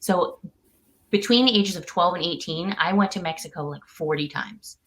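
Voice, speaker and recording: A woman's voice: fairly low pitch, moderate pace, a bit bright. A woman guest on a podcast, telling a personal story in a chatty, casual way, with lots of "like" and "um". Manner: chatty, many fillers like "like" and "um". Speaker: interview guest.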